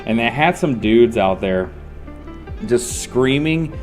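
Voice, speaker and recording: A male game streamer talks in a loose, rambling way, cursing freely. His voice sits at an ordinary middle pitch. Faint music plays behind him. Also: lively intonation, slow. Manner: rambling, profane, laid-back. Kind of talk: casual chat while gaming.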